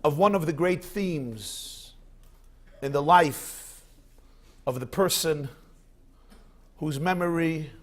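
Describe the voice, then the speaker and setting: Expressive male rabbi lecturing. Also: fairly high pitch, slow, long pauses. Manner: expressive storyteller. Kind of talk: lecture with anecdotes.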